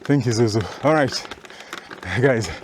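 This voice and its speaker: A breathless man talks the viewer through a mountain bike route while he rides, his voice slow and unhurried. Faint wind and road noise sit under his words, picked up by a camera on the bike. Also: medium pitch. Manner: chatty, explains the route between breaths. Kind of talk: talking while riding, route commentary. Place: outdoors on a trail, riding a bike.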